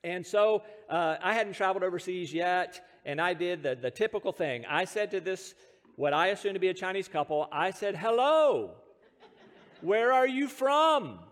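A man's voice: sits high, fairly quick, long reverb tail. An American man preaching a sermon, explaining scripture and telling stories with self-deprecating humor and the odd chuckle. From United States. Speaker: pastor.

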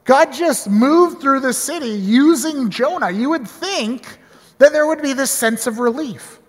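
A man reading scripture and explaining it in an animated, conversational way. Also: extremely high pitch, unhurried, big-room sound. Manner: animated, conversational, with small restarts. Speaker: Bible teacher. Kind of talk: Bible reading and teaching.

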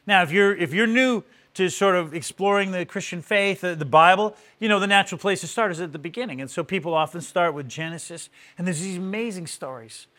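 A man's voice: high-pitched, a little fast, few pauses, sharp tone. A man preaching a Bible teaching in an earnest way, often restarting his phrases with repeated words. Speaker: pastor. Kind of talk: sermon-style Bible teaching.

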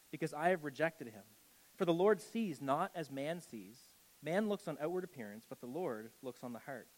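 Chatty pastor man preaching, fairly high voice. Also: low-quality recording. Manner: conversational, animated, many "like" and "okay" asides. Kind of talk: sermon with scripture reading.

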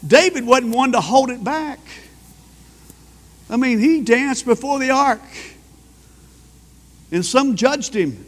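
A man preaching a sermon as pastor, fervent and at times rising to loud praise. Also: high-pitched, measured pace, pauses often, long reverb tail.

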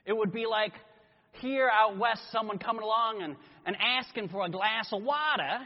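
A man preaching a sermon, telling a story in an animated way and acting out voices. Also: high-pitched, moderate pace. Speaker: pastor. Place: church sanctuary. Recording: echoey hall, dull lo-fi sound.

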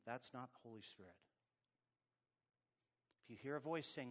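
A man preaching a sermon as pastor, with rising emphasis and a quiet prayer. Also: medium pitch, expressive, moderate pace, pauses often. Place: church service, also streamed online.

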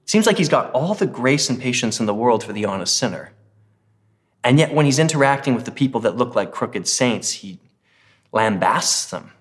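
A man's voice: mid-range voice, big pitch swings, moderate pace. Conversational male pastor preaching. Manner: conversational, with emphatic scripture reading. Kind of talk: sermon.

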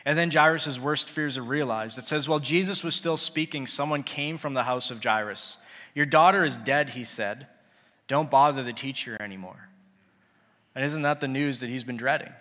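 A man's voice: mid-range voice, normal speed, pushed and bright. A man preaching a sermon in an earnest, conversational way, sometimes acting out the people in the story. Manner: earnest, conversational, acts out biblical characters. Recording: long hall reverb.

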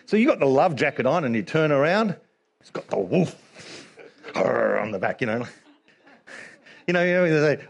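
An animated man preaching a lively sermon. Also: mid-range voice, normal speed, gravelly, long pauses. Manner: animated, laughing often, acts out scenes.

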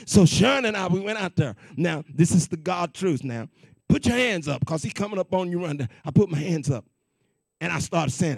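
A man preaching and telling a personal testimony in an animated, repetitive, conversational way. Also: high voice, moderate pace, vocal fry, husky, no echo. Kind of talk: sermon testimony storytelling.

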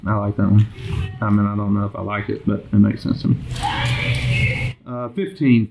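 A man's voice: lowish voice, fairly even intonation, creaky, warm tone. Man leading a casual Bible study. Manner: conversational, halting, with frequent restarts and asides. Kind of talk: casual group Bible study, reading scripture aloud. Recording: noisy amateur recording with clicks.

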